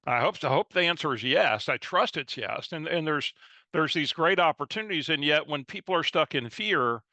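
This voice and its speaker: A man gives an energetic live webinar as a real estate coach, chatting and answering his audience's comments. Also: a little high, moderate pace, no room sound. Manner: energetic, chatty, reads audience chat aloud.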